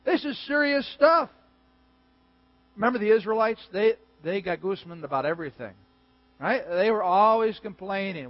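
High-voiced pastor preaching. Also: male voice, moderate pace, no room sound. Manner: animated, emphatic, joking. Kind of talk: sermon. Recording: dull, dry recording.

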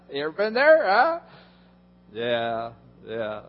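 A man's voice: medium pitch, huge pitch swings, drawn-out words. A male pastor giving a sermon in a conversational way, chuckling and asking the audience questions. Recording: dull lo-fi in a reverberant hall with hum.

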